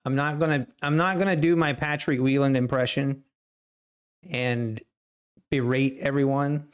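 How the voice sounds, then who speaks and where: A man's voice: medium pitch, fairly even intonation, unhurried, clean tone. A man hosting a live trading stream, chatting casually with viewers and laughing often. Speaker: livestream trading host.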